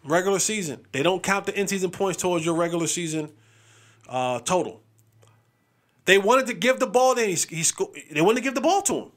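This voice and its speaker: A man's voice: high-pitched, expressive, a little fast. A man hosting a sports talk show, chatting casually and animatedly, acting out what players say.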